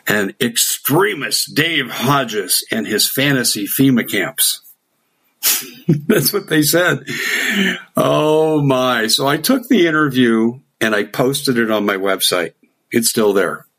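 Man, middle-aged, low voice, husky, casual storytelling, quotes dialogue. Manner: animated anecdote with quoted dialogue and chuckles. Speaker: guest telling a story.

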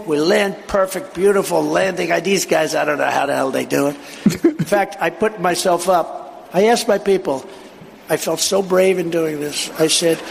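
Male speaker, somewhat high, gravelly voice, digressive boastful anecdotes with acted-out quotes. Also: a bit bright, a little hiss or hum. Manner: boastful, digressive storyteller acting out quoted dialogue. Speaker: political speaker at a live event. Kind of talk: rambling anecdotal speech.

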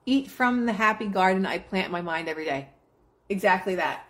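A woman's voice: mid-range voice, expressive, a little fast, fairly bright tone. A woman hosts a live stream and delivers a casual motivational pep talk. She preaches in a blunt, emphatic way and swears freely as she addresses her chat.

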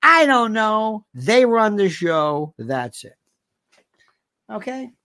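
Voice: medium pitch, sing-song, slow, pushed and bright, dry recording, studio quality. A host from the United States giving an opinionated monologue and reading out viewer comments, ranting and sarcastic, full of insults and rhetorical questions.

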